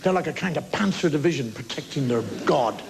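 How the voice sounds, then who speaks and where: A man's voice: on the high side, lively intonation, fairly quick, creaky, very noisy. A man delivering an exasperated stand-up monologue in front of a TV studio audience. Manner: exasperated, ranting. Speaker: comedian. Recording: studio audience laughing throughout.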